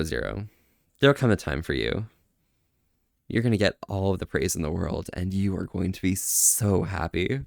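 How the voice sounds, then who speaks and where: A soft-spoken man chats on a livestream, his voice sitting a little low. He stretches his praise out slowly and gently, and the sound is close and dry, with no room around it. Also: creaky, no room sound. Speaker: streamer. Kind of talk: casual livestream chat.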